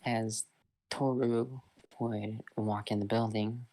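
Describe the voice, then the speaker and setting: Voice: mid-range voice, level tone, slow, warm tone. A person casually retelling a fan-fiction story, rambling and loose with lots of fillers.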